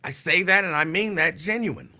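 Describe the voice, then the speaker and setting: A man hosting a loose, rambling talk stream in a high, very bright voice. He chats with viewers, drifts between topics and repeats lines to drive a point home. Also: quick pace. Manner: chatty, digressive, answers chat comments; repeats phrases for emphasis. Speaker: talk show host. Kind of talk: casual live-stream talk.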